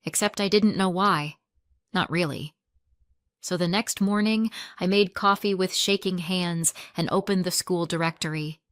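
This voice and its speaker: A woman narrating a family story in the first person, restrained and wounded, often flat. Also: fairly low pitch, measured pace, dry recording, studio quality.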